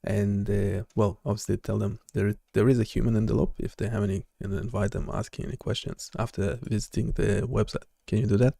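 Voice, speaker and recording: A man hosting a live coding stream, chatting casually and haltingly with lots of fillers and restarts. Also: on the low side, flat delivery, creaky, warm tone, dry recording, clean studio sound. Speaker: live-stream host and developer.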